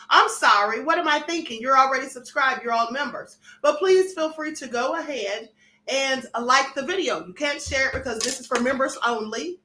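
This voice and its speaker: A woman's voice: high voice, pushed and bright, reverberant. A woman hosting a live stream for members, chatting casually, greeting viewers by name and calling them honey and beloved. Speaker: host. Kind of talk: livestream talk to members.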